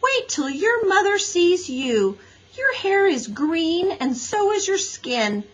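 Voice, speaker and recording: Woman voicing a bossy breathy schoolgirl. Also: very high voice, very animated, slow, lo-fi sound, pitched above the performer's own voice, full character voice. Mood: scolding. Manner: scolding, exclamatory. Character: bossy young schoolgirl, tattling.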